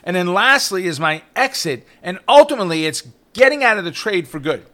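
Lively bright-voiced man teaching trading. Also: high-pitched, fairly quick. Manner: animated, rhetorical questions, frequent "right?". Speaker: trading coach podcast host. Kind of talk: energetic teaching monologue.

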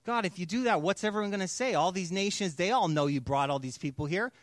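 A man's voice: high-pitched, animated, unhurried, dry recording, clean studio sound. A man acting out Moses as a humble leader pleading earnestly with God.

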